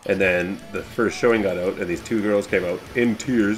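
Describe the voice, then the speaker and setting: A man's voice: low-pitched, steady tone, a little fast, hardly any pauses, faint music behind. A man giving loose, rambling commentary while playing an old arcade game, swearing casually and joking about himself. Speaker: YouTube host playing a game.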